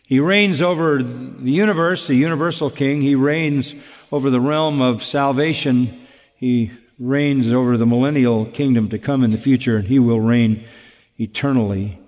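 A man preaching an expository sermon, emphatic and deliberate, asking rhetorical questions and repeating key phrases. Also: medium pitch, a little mellow, big-room sound. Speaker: pastor.

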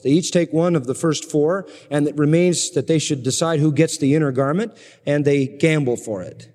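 Emphatic preacher man in a reverberant hall. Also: darkish tone. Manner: emphatic, dramatic swings in pitch and pace. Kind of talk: expository sermon. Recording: long reverb of a large hall.

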